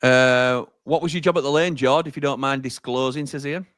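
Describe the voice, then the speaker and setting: A man's voice: medium pitch, fairly even intonation, brisk, fairly bright tone, no echo, studio quality. A man from Sheffield hosting a fan watch-along stream, chatting casually and reading out viewer comments with frequent laughs.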